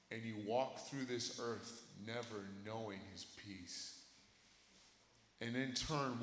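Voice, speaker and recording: A young man preaching a sermon to a room of kids, impassioned, swinging from shouting to a hush. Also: medium pitch, echoey room, long reverb tail, a little hiss or hum. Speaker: youth preacher.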